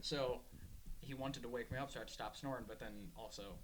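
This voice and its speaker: A man's voice: medium pitch, steady tone, brisk. A man co-hosting a comedy podcast in casual chat, telling rambling stories and laughing through them. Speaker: podcast co-host. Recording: noisy background.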